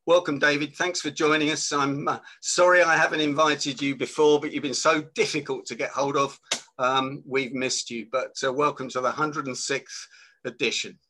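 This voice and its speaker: A man's voice: a little high, fairly even intonation, moderate pace, pushed and bright. A man with a London accent hosting a live online interview show, chatty and enthusiastic, with frequent fillers. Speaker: host.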